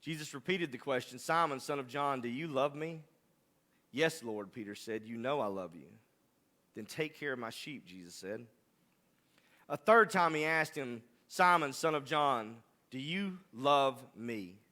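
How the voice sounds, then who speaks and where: A man's voice: mid-range voice, animated, measured pace, pushed and bright. A man preaching a sermon, rising to impassioned, emphatic delivery. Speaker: pastor.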